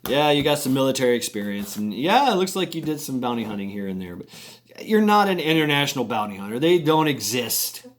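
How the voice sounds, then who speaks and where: A man's voice: medium pitch, very animated, brisk, lightly acted. A man voicing a stern male FBI agent who delivers blunt warnings. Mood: dismissive.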